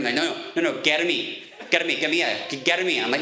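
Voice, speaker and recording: A man telling self-mocking stories in a stand-up comedy set, chatty with quick asides. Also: on the high side, bright, forceful tone, roomy sound. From United States.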